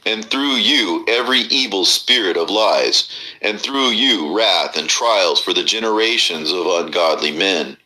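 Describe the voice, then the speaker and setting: A man reading an old scripture text aloud in a steady, measured recital. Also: low voice, low-quality recording. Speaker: reader.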